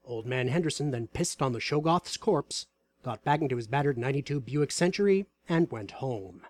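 A man reading aloud a story about a tabletop game session in a wry, deadpan way. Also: medium pitch, normal speed.

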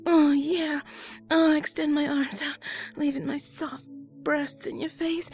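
A woman's voice: high-pitched, little pitch movement, a little slow, a little mellow, soft background music. A woman performing an intimate erotic audio role-play, moaning breathily and often dropping into whispers.

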